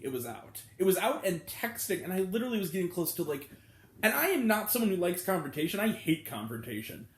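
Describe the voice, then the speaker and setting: A man hosting his own movie review vlog, talking casually and ranting with pitch jumping up when annoyed. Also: reverberant.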